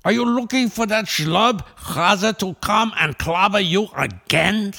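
A man's voice: sits high, measured pace, gravelly, pushed and bright, voice pushed up, exaggerated voice. An older man with a Brooklyn Yiddish accent voicing a cranky old grandfather scolding a boy in a storybook reading.

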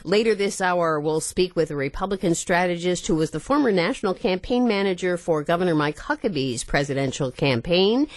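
A woman hosting a public radio call-in show, conversational and clearly spoken into a studio microphone. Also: fairly low pitch, expressive, fairly quick, few pauses, no room sound. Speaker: radio talk show host.

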